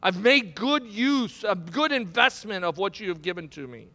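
A man's voice: sits high, lively intonation, moderate pace, pushed and bright, long reverb tail. A middle-aged man preaching a sermon as pastor, building to emphatic, repetitive climaxes. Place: church sanctuary.

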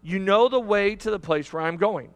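A man's voice: high-pitched, moderate pace, clean tone, faint music behind. A man preaching a sermon to a congregation, emphatic, with repetitions and restarts. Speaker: pastor. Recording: long hall reverb.

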